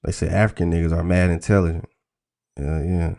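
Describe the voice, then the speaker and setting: Man, low-ish voice, blunt, profane, animated livestream rant. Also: brisk, creaky. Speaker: trading stream host.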